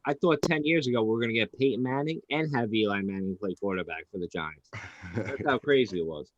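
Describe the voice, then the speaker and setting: A man's voice: on the low side, quick pace, highs cut off. A man co-hosting a casual sports podcast, rambling and profane, full of fillers and laughs. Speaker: podcast co-host.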